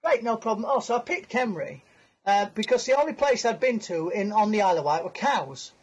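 A man's voice: high-pitched, animated, brisk, slightly rough. A man, a podcast guest on a video call, telling a long anecdote in a chatty, self-mocking way and laughing through his story. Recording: muffled lo-fi call audio.

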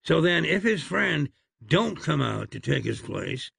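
A man's voice: fairly high pitch, very animated, measured pace, gravelly, a bit bright, slightly rough, dry recording, full character voice. A man voicing a sly, scheming middle-aged frontier cowboy who talks in a folksy drawl.

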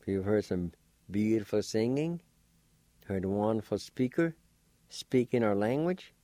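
A male radio host introducing a storyteller in an encouraging way. His voice is low and mellow. The sound is dry and close, from a studio mic. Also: no room sound.

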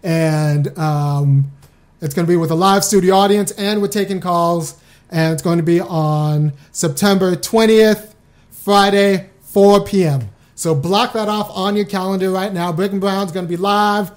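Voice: mid-range voice, fairly even intonation, measured pace. A talk show host on a live stream, chatting loosely with viewers and often breaking off to restart a thought.

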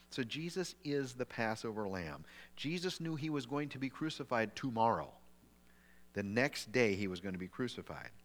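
A middle-aged man preaching a sermon as pastor, in a conversational way with lively asides, often restarting his words. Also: fairly low pitch. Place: church sanctuary. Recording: long reverb of a large hall.

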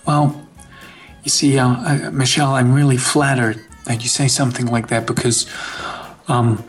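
A man playing a troubled male FBI agent in recovery who talks in an earnest, halting, therapy-speak way. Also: mid-range voice, little pitch movement, husky, faint music behind, lightly acted.

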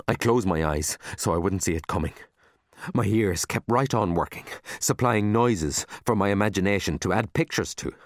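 A man narrating a children's story in an expressive, animated reading. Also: low-pitched, moderate pace, no echo, studio quality. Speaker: audiobook narrator.

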